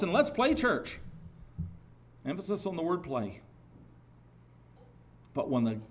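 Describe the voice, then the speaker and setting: With a voice that's a little high, the middle-aged pastor preaches with earnest liveliness. Emphatic bursts climb upward, and a few sentences break off and restart.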